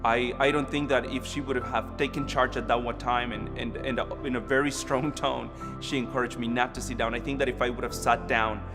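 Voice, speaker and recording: A man's voice: medium pitch, flat delivery, brisk, hardly any pauses. A man from Costa Rica, earnestly telling his own story at a church service with frequent restarts. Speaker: church member sharing a testimony. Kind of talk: personal testimony at a church service. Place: church auditorium. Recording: long hall reverb with music under.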